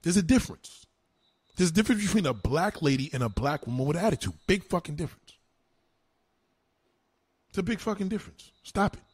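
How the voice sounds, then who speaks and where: A man's voice: a little high, animated, fairly quick, pauses often, slightly rough, dry recording. A man doing a heated, mocking, heavily profane rant on his live stream. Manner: heated, mocking, swears constantly.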